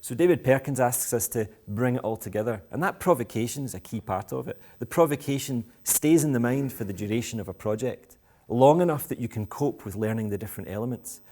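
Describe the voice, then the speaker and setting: A man's voice: medium pitch, animated, fairly quick, hardly any pauses, warm tone. A Scottish man giving a talk to school parents in a playful, provocative, self-mocking way. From Scotland. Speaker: education speaker. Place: school event with live audience.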